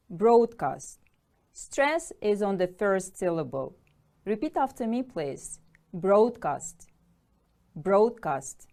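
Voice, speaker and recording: A woman English teacher leading a vocabulary drill, pronouncing each word clearly and measuredly for pupils to repeat. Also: mid-range voice, a little mellow.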